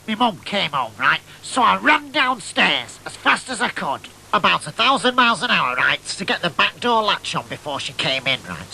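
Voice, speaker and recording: A man playing an excitable boyish oddball, telling a comic tall tale in a nasal, chatty way. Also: sits high, gravelly, a little hiss or hum, heavily acted, rough recording. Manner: nasal, chatty, keeps asking "right?". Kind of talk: comic monologue storytelling.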